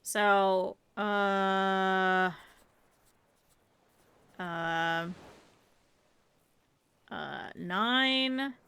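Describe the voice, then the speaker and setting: A woman's voice: medium pitch, drawn-out words, pauses often, sharp tone, clean tone. A woman streamer chatting to her viewers over gameplay, swearing freely and reacting to the game as she plays. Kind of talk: casual gameplay commentary.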